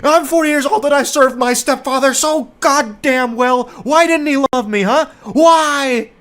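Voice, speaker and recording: A shrill, self-righteous forty-year-old man who rants in a high, strained voice and an odd, pinched tone, as a man mocks him. He sounds indignant and whiny, and every line is overplayed. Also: big pitch swings, moderate pace, a little mellow. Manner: mocking, exaggerated, indignant.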